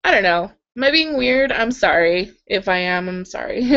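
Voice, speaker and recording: A woman's voice: mid-range voice, lively intonation, normal speed, fairly bright tone. Young woman, casual live-stream host, giggly and chatty, slightly sore throat, dull webcam sound. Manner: chatty and giggly, many "like"s and little laughs. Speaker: livestream host reading viewer comments. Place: in bed at home.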